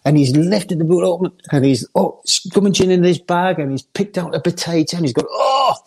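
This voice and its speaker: A husky, slightly high-pitched older man tells a story in relaxed chat. He laughs often and acts out the other people's lines. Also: fairly quick. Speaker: former footballer guest. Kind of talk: casual anecdote telling.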